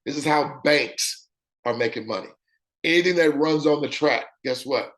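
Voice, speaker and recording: A man with a raspy voice giving an animated sales pitch demonstration, often checking in with "okay?" as he talks. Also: normal speed. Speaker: presenter.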